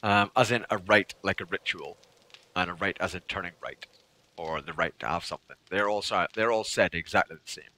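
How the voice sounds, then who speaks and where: A man's voice: low-pitched, fairly quick, bright, forceful tone. A man chatting casually with his viewers during a game livestream. He laughs often. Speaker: game streamer.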